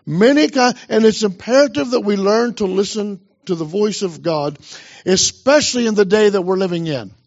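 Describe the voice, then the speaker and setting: A man's voice: high-pitched, normal speed, dull audio. A man pastor preaching a sermon with emphasis, urging the congregation on.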